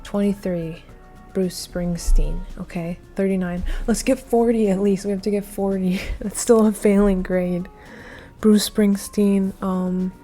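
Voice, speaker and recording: A woman's voice: mid-range voice, steady tone, measured pace, dark tone, faint music behind. A woman thinking aloud while taking a timed trivia quiz, flustered and muttering, with many hesitations. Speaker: quiz video creator.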